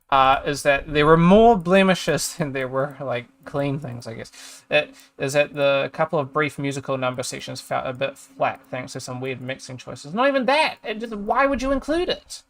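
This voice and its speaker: A man's voice: medium pitch, normal speed, a bit bright. A streamer chatting casually, ranting in exasperation and swearing as he reads a review aloud and trails off mid-sentence. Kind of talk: casual chat while reading a review aloud.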